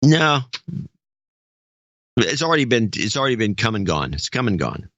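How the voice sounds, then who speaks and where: A man co-hosting a podcast in casual chat, rambling and halting as he talks. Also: medium pitch, very animated, a bit bright, no room sound. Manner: rambling, halting, with many restarts. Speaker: podcast co-host. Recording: dull, dry podcast audio.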